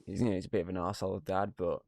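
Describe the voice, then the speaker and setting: A man's voice: low-pitched, level tone, very fast, creaky, a little mellow, dry recording, studio quality. A man co-hosting a podcast, recapping a film in casual chat, swearing freely and acting out the characters' lines. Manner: swears freely, puts on voices to act out scenes. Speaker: podcast co-host. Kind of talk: casual movie review chat.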